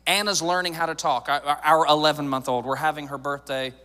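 A man's voice: a little high, steady tone, fairly quick, bright, forceful tone, clean tone, in a large hall. A man in his thirties preaching a sermon in a church, joking and conversational, building to emphatic points. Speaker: pastor. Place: church sanctuary.

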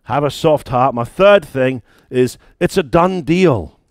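A man's voice: mid-range voice, animated, slow pace, dry recording, clean studio sound. A British man, a church founder and pastor, preaching a sermon in a conversational, emphatic way with stories.

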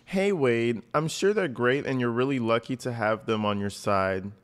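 A man reading as a soft pleading woman. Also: medium pitch, moderate pace, clear, resonant tone, lightly acted. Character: anxious foreign woman pleading by message.

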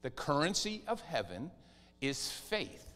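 In an unhurried sermon backed by soft music, a pastor with a high, bright voice lets his pitch swing vividly and acts out whiny pleas. His voice echoes through a church hall with a long reverb tail.

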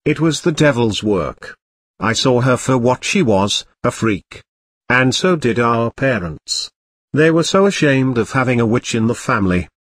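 A man voicing a bitter, shrill aunt who rants at length in a story reading. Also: expressive, a little slow, no room sound.

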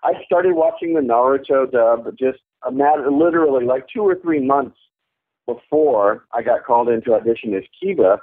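Lively man with tinny phone-like sound. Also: mid-range voice. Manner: animated, laughs often, jumps into quick character voices. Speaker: voice actor guest. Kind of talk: casual interview chat. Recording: tinny phone-like archive audio.

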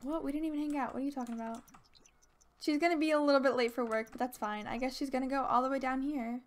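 A woman hosting a let's play, giving casual gameplay commentary in a bubbly, gushing, excitable way. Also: high voice, fast.

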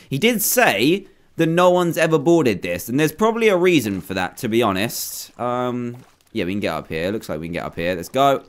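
Lively young man narrating gameplay. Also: mid-range voice. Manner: excitable, jumpy, playfully scared. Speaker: gaming YouTuber. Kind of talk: casual game commentary.

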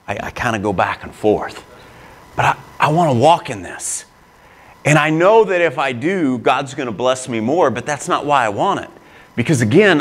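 A man's voice: high-pitched, fairly bright tone. A man preaching a sermon as a pastor, earnest and emphatic, with a personal, confessional tone and frequent restarts.

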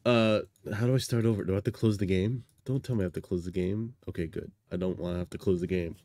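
A man's voice: deep voice, steady tone, quick pace, dark tone, dry recording. A man hosting a casual let's-play, joking and reading the game text aloud. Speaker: gaming channel host.

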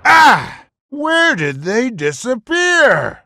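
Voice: sits high, big pitch swings, extremely slow, creaky, sharp tone, no room sound, shouting, studio quality, exaggerated voice. A performer voicing a hungry, bumbling carnivorous dinosaur villain in a cartoon, blustering and huffing between greedy boasts. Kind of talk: cartoon voice acting.

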